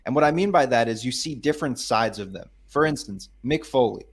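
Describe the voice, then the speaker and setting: A man co-hosting a casual podcast with an ordinary, mid-pitched voice. He speaks with enthusiasm and runs through his points in a steady, even rhythm. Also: fairly quick, slightly rough. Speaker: podcast co-host. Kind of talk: casual chat.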